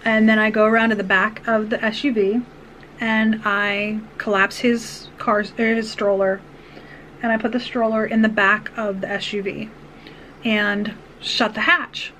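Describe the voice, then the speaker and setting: A woman's voice: medium pitch, level tone, unhurried, fairly bright tone, slight background noise, low-quality recording. A woman vlogger earnestly retelling a personal story, rambling with restarts and asides.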